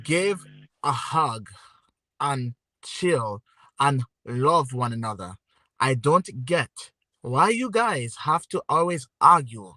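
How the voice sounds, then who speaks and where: A man putting on a random made-up accent as a preachy figure urging calm and love. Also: a little high, slow, dry recording, heavily acted.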